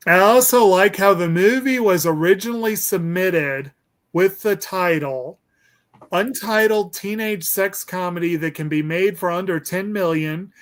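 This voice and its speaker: A man hosting a casual movie discussion, rambling and hesitant with lots of ums and restarts. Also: high voice. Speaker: podcast host.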